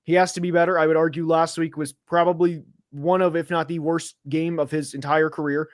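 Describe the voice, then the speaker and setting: A man hosting a casual football preview stream, talking fast with lots of fillers and getting worked up as he argues his points, seated at a close mic. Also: fairly high pitch, dry recording. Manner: animated, gets worked up, filler-heavy. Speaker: host of a football preview show. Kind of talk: casual sports chat. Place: home studio, seated.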